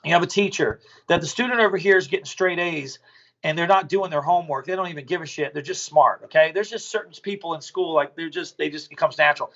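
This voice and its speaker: A man's voice: fairly high pitch, fast, pushed and bright, dull audio. A man, a business owner, talking bluntly and profanely as a podcast guest, telling stories casually.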